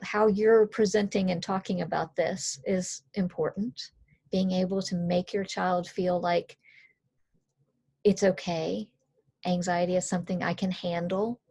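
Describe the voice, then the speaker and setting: Calm, earnest woman coach with a low, husky, fry-edged voice. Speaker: coach and author. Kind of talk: conversational explainer.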